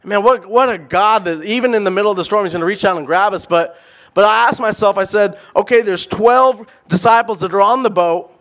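Young man, preacher, high voice, emphatic, rhetorical questions, sermon. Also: fairly quick. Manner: animated, emphatic, repeats words, asks rhetorical questions.

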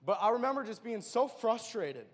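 High-voiced man giving an earnest testimony. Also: sing-song, moderate pace, big-room sound. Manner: earnest and emotional. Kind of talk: personal testimony.

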